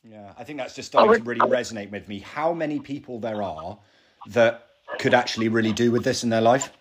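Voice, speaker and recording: A man hosting a podcast interview, talking in a relaxed, agreeable, reflective way. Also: medium pitch, a little fast, a little hiss or hum. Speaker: podcast host. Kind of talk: casual interview.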